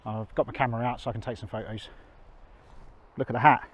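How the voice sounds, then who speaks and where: A man's voice: medium pitch, steady tone, fast talker, fairly bright tone, slight background noise, poor audio. A man with a chatty, self-mocking manner, talking to a handheld camera while out on a country walk. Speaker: vlogger. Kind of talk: walking vlog to camera.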